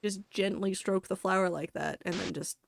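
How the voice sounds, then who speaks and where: A woman's voice: mid-range voice, steady tone, normal speed, creaky, over music. A young woman streamer giving casual, musing commentary while she plays. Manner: musing, chatty.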